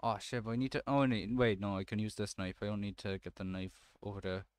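A man's voice: fairly low pitch, fairly even intonation, fast talker, smooth. A man doing let's-play commentary, swearing and breaking into frustrated outbursts at the game.

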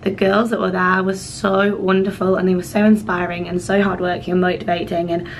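A woman vlogger with a cold-roughened, hoarse voice, chatting to camera in a rambling, apologetic way. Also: fairly low pitch, little pitch movement, a little fast, a little hiss or hum, poor audio. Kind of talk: casual vlog chat to camera.

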